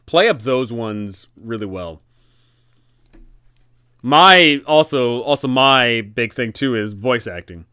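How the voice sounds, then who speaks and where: A man hosting a casual tabletop-game advice talk, animated and rambling, correcting himself often. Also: mid-range voice, slow, pauses often, smooth, no room sound, studio quality. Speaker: dungeon master and channel host.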